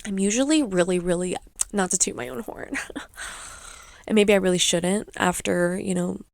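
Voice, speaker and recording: Woman, young adult, podcast host, rambling casual chat, gravelly fry. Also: medium pitch, moderate pace, dry recording. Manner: rambling, chatty storytelling.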